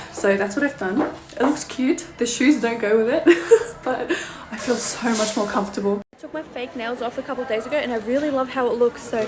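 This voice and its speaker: A woman's voice: on the high side, brisk, background noise. A young woman chatting through a casual vlog, bubbly and laughing often. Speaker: vlogger.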